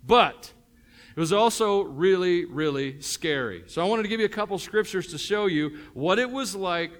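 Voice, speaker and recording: Middle-aged tennessee pastor, bit higher voice, jokey rambling sermon with lots of uhs. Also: male voice, expressive, normal speed. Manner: joking, conversational, many fillers and restarts.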